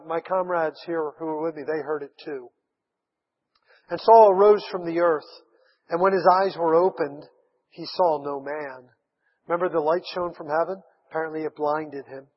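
A man preaching a sermon, retelling a Bible story with lively acted-out voices. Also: high voice, breathy edge. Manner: animated storytelling, acts out voices of Bible figures. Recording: dull sound with long hall reverb.

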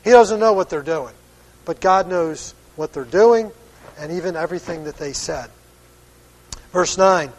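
A man with a high voice preaches a sermon. He reads old-style scripture slowly, then plays the people in it in his own voice, chuckling now and then. His voice rings out in a hall with a long reverb.

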